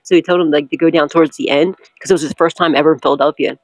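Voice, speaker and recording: A young adult woman, a tarot reader, chatting casually: loud, laughing often and swearing freely. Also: sits low, steady tone, racing, no room sound, low-quality recording. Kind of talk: casual storytelling and tarot reading.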